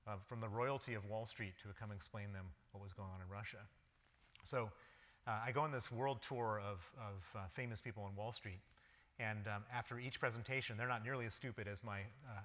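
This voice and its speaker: A man's voice: mid-range voice, a bit bright. Man telling a story in a reverberant hall. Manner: vivid first-person anecdote in present tense. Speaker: guest lecturer. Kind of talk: public lecture, personal storytelling. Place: lecture hall. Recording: long reverb of a lecture hall.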